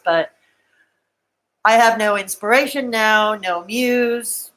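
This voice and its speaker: A woman's voice: mid-range voice, takes it slowly, long pauses, fairly bright tone, rough recording. A woman on a live stream, crying as she talks to her viewers in a raw, emotional and defensive way. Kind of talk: tearful live-stream monologue.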